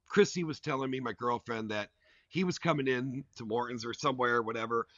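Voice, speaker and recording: Male podcast guest, animated rambling storyteller, dull lo-fi mic with no room sound. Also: medium pitch, a little fast, no echo. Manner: rambling and animated, full of "like" fillers. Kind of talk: casual storytelling. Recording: dull, dry lo-fi recording.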